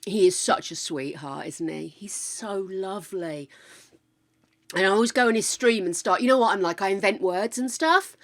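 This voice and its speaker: A woman's voice: mid-range voice, lively intonation, moderate pace. An older woman hosting a live stream, chatting casually with viewers in a gushing, easily overexcited way. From United Kingdom. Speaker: livestream host.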